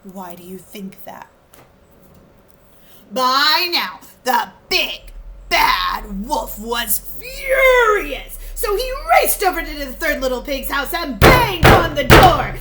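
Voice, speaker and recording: A woman reads a storybook aloud to children like a teacher, expressive and stopping to ask them questions. Her voice is high and bright and swings widely in pitch. She reads very slowly. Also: noisy background. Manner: expressive, asking the listeners questions.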